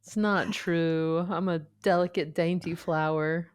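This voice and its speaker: A woman's voice: on the low side, fairly even intonation, a little slow, clean tone. A woman co-hosting a podcast in casual chat, with playful, self-mocking banter. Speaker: podcast co-host.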